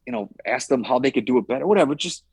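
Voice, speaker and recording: A man's voice: mid-range voice, animated, racing, a little mellow, a little hiss or hum. A man who trains fighters, chatting casually on a podcast, rambling and swearing now and then with lots of "like" and "you know".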